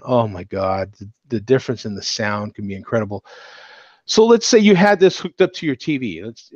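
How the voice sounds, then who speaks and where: A man's voice: mid-range voice, no room sound, muffled recording. A man hosting a live beer talk show in casual chat. He rambles, with many fillers and restarts, and laughs often.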